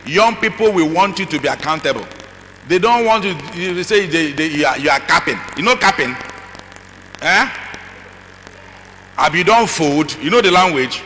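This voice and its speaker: A middle-aged man speaking as a conference speaker, animated and acting out voices with asides to the audience. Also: a little high, moderate pace, long pauses. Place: large conference hall. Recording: long hall reverb, faint noise.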